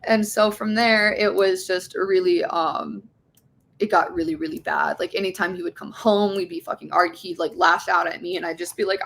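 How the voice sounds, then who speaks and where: A woman's voice: on the low side, fairly even intonation, fairly quick, creaky, fairly bright tone, a little hiss or hum. A young woman as an interview guest, candidly telling a personal story, swearing often and acting out the voices of others. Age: young adult.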